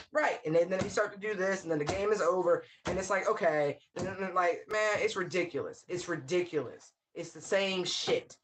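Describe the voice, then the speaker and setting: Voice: medium pitch, fairly quick, hardly any pauses, a little hiss or hum. A tarot reader talks through a spiritual reading in a loose, unscripted monologue. The delivery is blunt and peppered with swearing, drifting into wry asides. Laughter keeps breaking into the sentences. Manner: laughs often mid-sentence.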